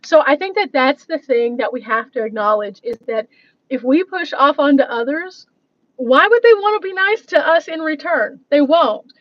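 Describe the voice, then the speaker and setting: A woman's voice: high-pitched, animated, moderate pace, dry recording, lo-fi sound. A woman vlogger talking casually on a live stream, rambling and laughing often as she reads out viewer comments. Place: coffee shop.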